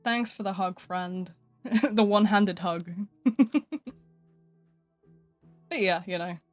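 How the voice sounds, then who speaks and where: A woman's voice: mid-range voice, takes it slowly, no room sound, soft background music. A woman streaming live, chatting casually and rambling with frequent laughter.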